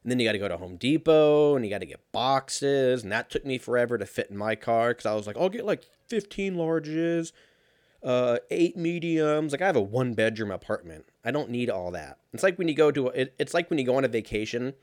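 A young man telling a casual story in a sarcastic, profane, animated way. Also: mid-range voice, quick pace, few pauses, no echo, studio quality.

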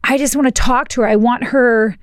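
Forties lady podcast host, swears a lot, tells stories all animated, dry close mic. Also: a little high, brisk, no room sound. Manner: candid, swears freely, animated storytelling. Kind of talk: casual chat. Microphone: close headset or studio mic.

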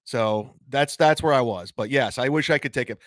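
A man's voice: medium pitch, moderate pace, no room sound, clean studio sound. A man, a comedian, talking on a live stream in a rambling way, stumbling over his words and restarting sentences often. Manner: rambling, self-interrupting with many restarts. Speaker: comedian guest. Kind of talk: casual live-stream conversation.

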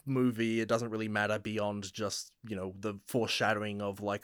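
A man co-hosting a podcast in casual chat, explaining things in a measured way with some hesitations. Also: on the low side, little pitch movement, clean tone, no echo, studio quality. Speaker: podcast co-host.

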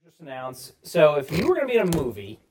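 A man's voice: a little high, huge pitch swings, quick pace, darkish tone, slight background noise. A man hosting a casual sports podcast, joking and asking the panel playful questions. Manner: jokey, asks playful questions. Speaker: host.

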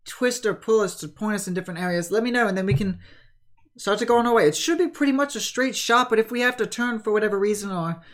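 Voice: medium pitch, quick pace, voice pushed up, close to an everyday voice. A game master voicing a hesitant, fussy male ship's crewman who stammers through his lines. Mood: eager. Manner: stammering, full of ums.

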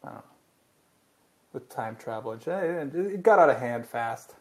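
A man's voice: medium pitch, lively intonation, moderate pace, heavy background noise. A man from Germany, a guest writer in casual chat, rambling with filler words and laughing at his own jokes.

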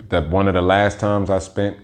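Speaking at a normal pace in a low, level voice, a man hosts his own podcast and tells stories. His delivery is rambling and slangy, full of heavy swearing.

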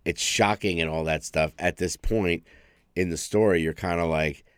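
A man's voice: deep voice, fairly even intonation, moderate pace, smooth, no room sound, studio quality. A man co-hosting a podcast in casual chat, joking crudely and swearing freely. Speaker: podcast co-host.

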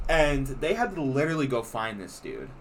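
A young man co-hosting a podcast, telling a story in casual, animated chat and swearing a lot. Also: mid-range voice, moderate pace, slight background noise. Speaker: podcast co-host.

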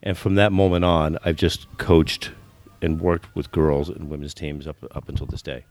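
A bass-voiced American man in his sixties, guesting on a podcast as a football business consultant, tells stories at an ordinary pace. His intonation stays fairly even and his tone is darkish, and he often repeats words and restarts.

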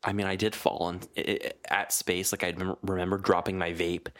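A man with a very low voice co-hosts a casual podcast chat. He tells rambling, profane stories, leans on filler words, and leaps sharply upward in pitch whenever he quotes someone. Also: fairly quick. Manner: animated storyteller, jumps up high for quoted voices. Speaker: podcast co-host.

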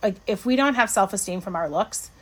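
A woman co-hosting a podcast, chatting casually about an episode in an animated, rambling way, with lots of fillers and restarts. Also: fairly quick, breathy edge. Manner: animated, jumps to high pitch when excited. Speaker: podcast co-host. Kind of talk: casual chat reviewing an episode.

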